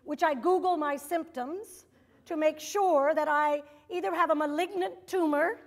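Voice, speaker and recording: A woman's voice: sits high, measured pace. A middle-aged woman doing a stand-up comedy routine, wry and self-mocking, with sudden exasperated bursts.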